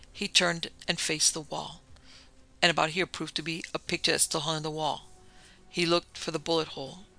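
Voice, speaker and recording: A man reading a story aloud as narrator in a steady, even, matter-of-fact way. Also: on the high side, gravelly. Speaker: audiobook narrator. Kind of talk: storybook reading of a pulp detective tale.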